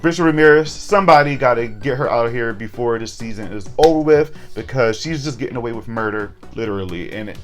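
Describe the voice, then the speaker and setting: Chatty man giving a casual recap. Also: mid-range voice. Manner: chatty, candid, joking asides. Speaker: horror TV recap vlogger.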